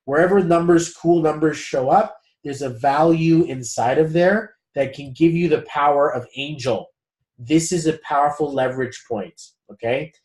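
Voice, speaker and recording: A man's voice: on the high side, normal speed, darkish tone. A man leading a spiritual group session in a loose, chatty way, swearing casually and calling the group guys. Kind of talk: casual group coaching talk.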